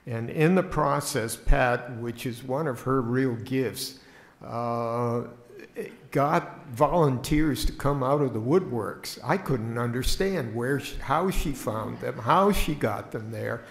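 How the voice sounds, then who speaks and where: A man leading a church business meeting, halting and full of fillers. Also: medium pitch, gravelly. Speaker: meeting leader. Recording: echoey hall with long reverb, faint noise.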